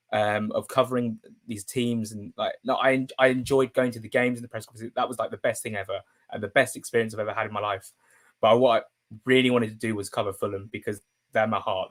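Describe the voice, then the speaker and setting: A young man, a football journalist chatting casually on a live stream, rambling with fillers and restarts and breaking into emotional, excitable bursts. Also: medium pitch.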